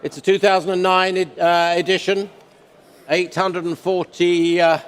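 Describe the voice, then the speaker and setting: Man, car specialist, lot commentary, relaxed chatty, slightly high pitch, hall reverb. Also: moderate pace. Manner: relaxed, chatty, jokes with the auctioneer. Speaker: car specialist presenting lots. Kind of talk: live auction lot commentary. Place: large exhibition hall auction room.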